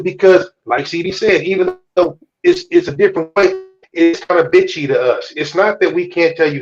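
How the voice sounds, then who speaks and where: A man's voice: fairly high pitch, sing-song, fairly quick, highs cut off, faint music behind. A man hosting a live-stream talk show, speaking bluntly and preachily, with lots of swearing. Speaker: podcast host. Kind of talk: casual chat on a live stream.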